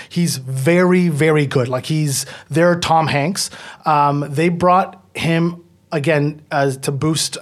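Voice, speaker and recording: A man who is a comedian guest, telling a story in a rambling, animated way with lots of fillers and swearing. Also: fairly high pitch. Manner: rambling, animated, fillers and profanity, acts out quotes. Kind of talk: casual podcast storytelling.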